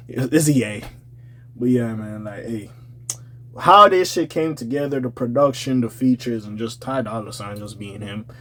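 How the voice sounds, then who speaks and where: A man's voice: medium pitch, normal speed, sharp tone. A young man giving a casual, profane album review in slangy talk, laughing often. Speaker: music reviewer.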